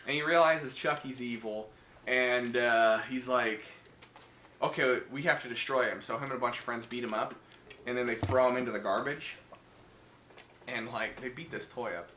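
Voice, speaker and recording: Recapping a horror film for a podcast, this co-host rambles and curses freely, leaning on fillers and tossing off quick impressions of the characters. He speaks at medium pitch in a steady, bright, forceful tone, with roomy sound and slight background noise.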